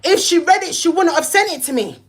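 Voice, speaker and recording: A woman's voice: extremely high pitch, lively intonation, brisk. A young woman, hosting a livestream and heatedly telling a story, cussing and acting out both sides of phone calls. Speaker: live-stream host.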